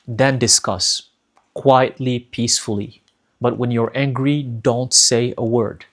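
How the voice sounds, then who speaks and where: A man speaking as a spiritual teacher, giving earnest advice in a monologue, often repeating key phrases and asking rhetorical questions. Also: mid-range voice.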